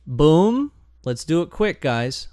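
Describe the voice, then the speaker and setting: A man hosting a domain investing channel, talking through a live screen-share tutorial in an excitable, chatty way, thinking aloud as he goes. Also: a little high, slow, no echo, clean studio sound. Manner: excitable and chatty, bursts of enthusiasm and groans.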